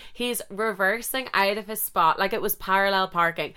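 A young woman in her twenties, a podcast host telling a story in casual chat, animated and swearing freely. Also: medium pitch, moderate pace, few pauses, clear, resonant tone.

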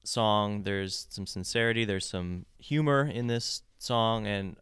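A man's voice: fairly low pitch, takes it slowly, fairly bright tone, smooth, dry recording, clean studio sound. A man co-hosting a podcast, talking through an album in an enthusiastic, detailed way with frequent restarts. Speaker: podcast co-host. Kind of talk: casual album discussion.

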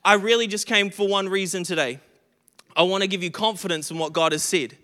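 A man's voice: high voice, brisk, pushed and bright, long reverb tail. A man preaching a sermon, earnest, often stumbling and restarting as he stresses repeated phrases, a little short of breath. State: recovering from illness, short of breath.

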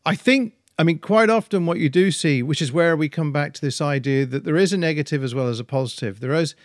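A man's voice: a little high, brisk, no room sound, studio quality. A man co-hosting a casual podcast chat, speaking thoughtfully with frequent restarts. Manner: hesitant, many restarts and fillers, thoughtful. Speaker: podcast co-host.

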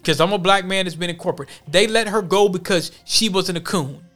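A man's voice: sits high, brisk, fairly bright tone, soft background music. A man hosting a podcast, reading news stories aloud and commenting on them bluntly with slang. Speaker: podcast host.

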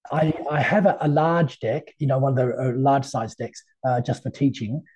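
A man's voice: medium pitch, moderate pace, a little mellow, slightly rough. A middle-aged man, a tarot reader guesting on an interview, talking in a chatty, anecdotal way with many fillers. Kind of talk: casual interview conversation.

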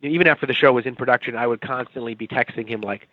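A TV writer in his forties from Watertown, in the Boston area, chats casually as an interview guest in a fast, mid-range voice. He rambles and mocks himself, and the recording is dry and muffled.

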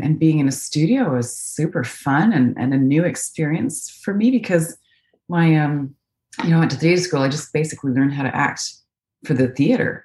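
A woman's voice: deep voice, darkish tone. A Canadian woman with a North American accent, chatting as a voice actress guest over a video call, thoughtful, with many fillers and restarts. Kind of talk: casual interview chat. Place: home, remote video call.

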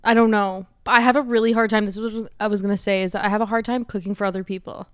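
A young woman co-hosting a casual podcast, talking in an animated, emphatic way. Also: mid-range voice, fast talker, clean tone, no room sound, studio quality. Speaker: podcast co-host. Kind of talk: casual chat.

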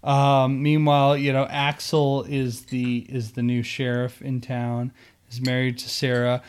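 A man's voice: mid-range voice, completely flat delivery, unhurried, smooth. A man co-hosting a podcast, chatting casually about a movie with easygoing hesitations and frequent laughs. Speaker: podcast co-host reviewing a movie. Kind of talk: casual chat.

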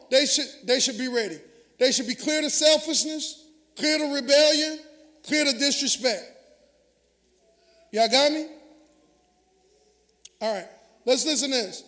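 In a large church sanctuary, a Southern US man preaches a sermon as pastor, his very high-pitched voice pushed and bright. He talks back and forth with the congregation in call-and-response, and the hall adds long reverb.

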